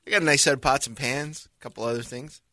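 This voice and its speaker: A man co-hosting a casual chat, throwing in quick jokes. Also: medium pitch, bright, forceful tone, no echo. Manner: quips. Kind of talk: casual banter.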